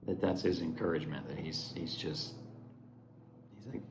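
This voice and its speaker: A man's voice: sits low, moderate pace. A man giving an earnest, conversational devotional reflection, often restarting his thoughts. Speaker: devotional speaker. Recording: roomy echo, faint background noise.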